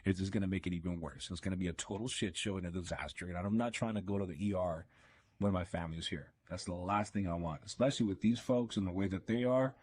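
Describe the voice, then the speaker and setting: A man's voice: deep voice, quick pace, a little mellow, slight background noise. A man hosting a podcast, telling a casual, profane, self-deprecating story. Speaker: podcast host.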